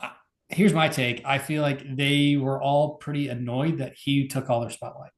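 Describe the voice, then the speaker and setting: A man's voice: mid-range voice, steady tone, moderate pace, roomy sound. A man co-hosting a podcast, talking in a laid-back, casual way with lots of fillers. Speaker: podcast co-host. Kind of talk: casual chat.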